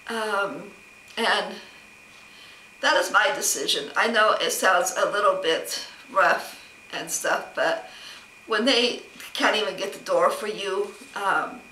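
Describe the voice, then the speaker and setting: A woman with a bright, sharp voice rambles through a story of being slighted, replaying every exchange. She sits back from the mic in an echoey room, and faint ambient noise runs under her. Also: medium pitch, slow pace, distant mic. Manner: rambling, aggrieved retelling with many quoted exchanges. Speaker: vlogger. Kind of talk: casual personal storytelling vlog.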